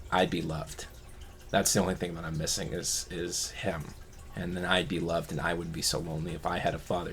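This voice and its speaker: A man's voice: sits low, creaky. A man vlogging a personal story from his childhood, reflective and rambling, often restarting his sentences.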